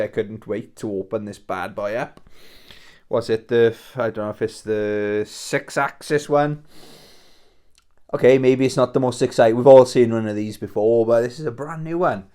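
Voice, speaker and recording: A man's voice: mid-range voice, a little mellow. Male game-collecting vlogger: loose, rambling, self-mocking chat to camera from home.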